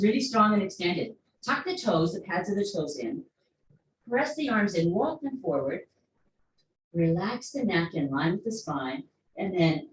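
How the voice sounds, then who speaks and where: A woman leads a workout class, calmly cueing each stretch and breath with an encouraging, playful touch. Her voice sits a little low and is picked up from across an echoey studio, with faint room ambience behind her. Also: slight background noise. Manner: encouraging, breath-led instruction with playful asides. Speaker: fitness instructor. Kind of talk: guided workout cues. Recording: echoey room, mic far off.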